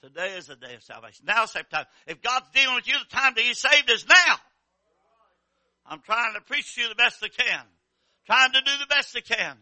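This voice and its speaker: Fervent older preacher, bright voice. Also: male voice, big pitch swings, brisk, no room sound. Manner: swings from low murmurs to high shouted cries; repetitive, fervent preaching cadence. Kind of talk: revival sermon.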